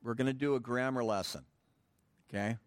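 A man's voice: mid-range voice, steady tone, brisk, dry recording. A middle-aged man preaching a sermon in church, teaching a Greek grammar point with casual, joking asides to the congregation. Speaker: pastor. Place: church sanctuary.

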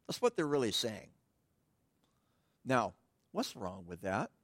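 A man's voice: fairly low pitch, big pitch swings, slow pace, fairly bright tone, dry recording. A man preaching a sermon in a conversational way, with frequent restarts and asides to the congregation. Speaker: pastor.

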